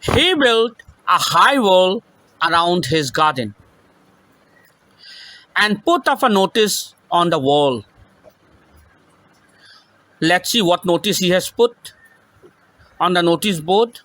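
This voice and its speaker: A male teacher reading a children's story aloud with emphasis, pausing to repeat and explain each line in simple words. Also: high voice, big pitch swings, bright, forceful tone, no echo, rough recording.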